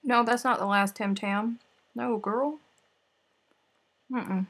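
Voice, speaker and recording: Husky-voiced woman chatting on a livestream. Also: a little high, fairly even intonation, slow, a bit bright. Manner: chatty and playful, reacting to viewer comments while snacking. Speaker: crochet livestream host. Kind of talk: casual livestream chat with viewers.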